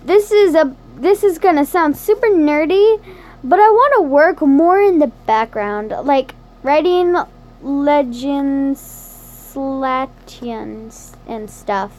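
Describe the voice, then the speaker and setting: A woman's voice: high voice, slow pace, darkish tone. A woman voicing a stressed, nervous teenage boy who is class president, anxious and self-deprecating. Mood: earnest.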